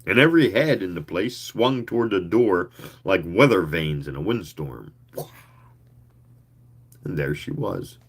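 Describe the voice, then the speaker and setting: A man reading a story aloud in an expressive, leisurely way, with occasional asides. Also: sits low, measured pace, pauses often, slightly rough. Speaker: reader.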